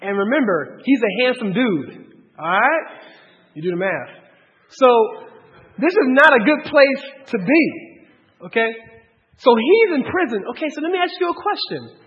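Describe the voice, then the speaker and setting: Male pastor, high voice, lively conversational sermon, dull sound with long hall reverb. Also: moderate pace, pauses often. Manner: animated, shifts from low asides to loud outbursts; conversational, street-style phrasing with rhetorical questions.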